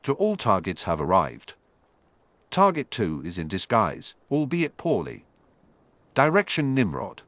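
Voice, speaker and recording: A man voicing a cold, scheming female spy who reports in a crisp, businesslike way. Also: fairly low pitch, huge pitch swings, measured pace, a bit bright, no room sound, exaggerated voice.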